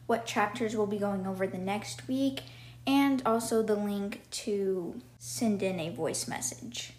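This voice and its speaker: A woman's voice: fairly high pitch, slight background noise. Upbeat woman hosting a book podcast. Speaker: podcast host. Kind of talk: solo book-review podcast outro.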